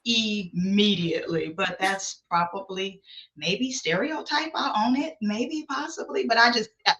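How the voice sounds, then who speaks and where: A woman hosting a faith talk show, playful and animated, who keeps calling her listeners family. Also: a little high, measured pace, muffled recording. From not from the South. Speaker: podcast host. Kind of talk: upbeat faith interview.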